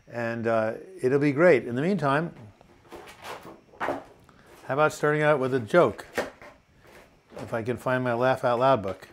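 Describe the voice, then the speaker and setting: Chatty older New York man hosting. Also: mid-range voice. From New York City. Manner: chatty, reads viewer comments aloud, tells corny jokes. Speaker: host of a live chat. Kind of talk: casual live-stream chat, greeting viewers.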